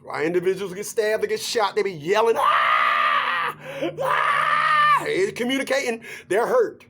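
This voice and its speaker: A man vlogger ranting to camera in a joking, animated way, laughing through his points. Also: high-pitched, brisk, raised voice, a little hiss or hum. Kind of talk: comedic rant to camera.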